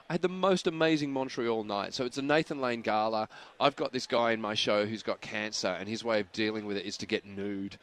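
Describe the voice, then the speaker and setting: A man's voice: lowish voice, fairly bright tone, slight background noise. A man with an Australian accent, a comedian chatting and telling stories as a radio guest. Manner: chatty storyteller, quick to laugh. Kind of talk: casual radio interview chat.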